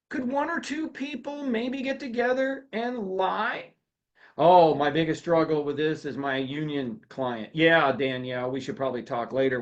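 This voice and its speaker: A man giving a live seminar on workplace rules, animated and often turning questions back to his audience. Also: mid-range voice, highs cut off. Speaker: workplace law and HR seminar speaker.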